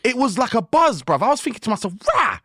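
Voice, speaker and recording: A man, a guest musician on a podcast, telling stories in lively slang and acting out his own inner voice. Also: extremely high pitch, rapid-fire, no room sound, studio quality. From United Kingdom. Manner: animated storytelling with slang and acted-out self-talk. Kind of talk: casual podcast conversation.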